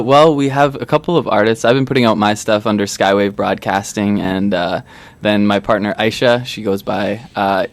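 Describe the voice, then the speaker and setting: A man in his thirties from Canada, a music producer chatting as a guest in a radio studio, laid-back and quick to laugh. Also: on the low side. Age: 30s. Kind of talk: casual radio studio chat.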